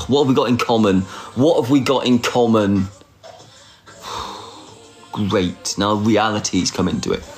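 A man's voice: lowish voice, slow, long pauses, faint music behind. A man in his forties hosting a casual phone livestream, teasing, flirty and sarcastic, and often mocking himself. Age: 40s. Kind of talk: casual live chat.

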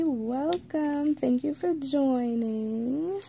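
A woman hosts a relaxed live stream, taking her time and greeting each viewer by name. Her voice sits a little high but has a mellow, darker tone with a gravelly edge. She talks in an easygoing, drawn-out way, full of asides. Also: a little hiss or hum. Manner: slow, drawn-out delivery with frequent asides. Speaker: livestream host. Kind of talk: casual live unboxing chat.

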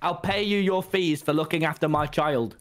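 A man's voice: on the high side, normal speed. A man chatting playfully and teasing friends while gaming. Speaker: streamer. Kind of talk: casual gaming chat.

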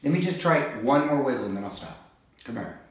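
A man's voice: medium pitch, expressive, a little fast. A man in his forties, a father and vlog host, coaxing his child in a playful, repetitive way during casual family chat at home. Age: 40s. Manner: coaxing, playful, keeps repeating himself. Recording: echoey room, mic far off, faint hiss.

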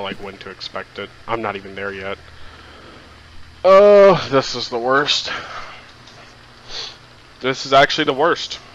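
A man commentating his solo horror game run, exasperated and swearing a lot, breaking into high shouts. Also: highs cut off, a little hiss or hum. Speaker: gaming streamer.

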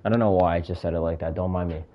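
A young man casually commentating a video game he is playing, calling moves with excitement, shouting at big moments and muttering asides to himself. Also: low-pitched, racing, lo-fi sound, slight background noise. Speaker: gaming video creator.

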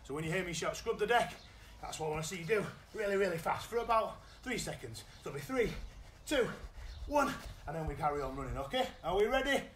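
A man with a British accent coaching children's football in a live online session, giving energetic, encouraging instructions. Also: high-pitched, quick pace, echoey room, slight background noise, low-quality recording. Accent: British English. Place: indoors at home.

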